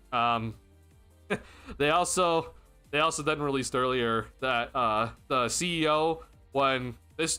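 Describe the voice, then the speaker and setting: A man's voice: mid-range voice, bright, forceful tone. Exasperated young man ranting on stream. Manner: exasperated, laughing, rambling with restarts. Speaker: sports streamer. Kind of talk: ranting postgame livestream.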